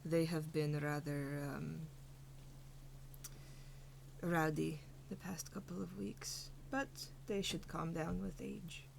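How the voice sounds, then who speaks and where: A woman voicing a calm, polite Furbolg elder who speaks softly and quietly in a tabletop game. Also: low voice, takes it slowly, gravelly, a little hiss or hum, voice pushed down, exaggerated voice, poor audio. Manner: soft, quiet, gentle.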